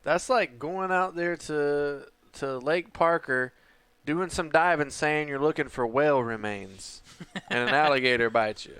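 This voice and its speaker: Man, podcast co-host, slightly higher voice, crude wisecracks. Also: measured pace, fairly bright tone. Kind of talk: casual chat.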